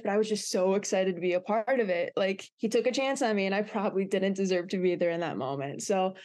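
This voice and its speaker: Young female co-host, earnest and reflective, mid-pitched voice, casual podcast delivery. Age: young adult. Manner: earnest, reflective, animated when recounting.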